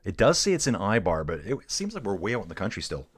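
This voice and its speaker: Commenting on a race during his live cycling stream, this middle-aged man from Canada chats with viewers in a casual, excited way. He talks quickly, with a fairly low, husky voice.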